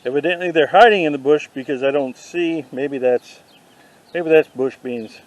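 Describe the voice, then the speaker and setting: Man joking deadpan on a garden walk. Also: fairly high pitch, moderate pace, dry recording, muffled recording. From not from the South. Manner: deadpan punning asides. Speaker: vlogger. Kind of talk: joking walk-through commentary. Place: outdoor garden. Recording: faint outdoor noise.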